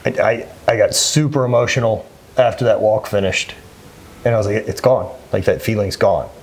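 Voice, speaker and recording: A man's voice: fairly low pitch, moderate pace, a little hiss or hum. A man in his thirties, a former athlete, talking earnestly and plainly as an interview guest, often restarting his sentences. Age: 30s. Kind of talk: candid conversational interview.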